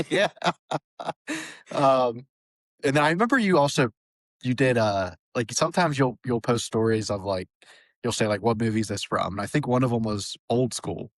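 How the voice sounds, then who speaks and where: A man's voice: medium pitch, normal speed, dry recording. Chatty male podcast host. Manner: rambling with many fillers, laughs easily. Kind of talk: casual interview chat.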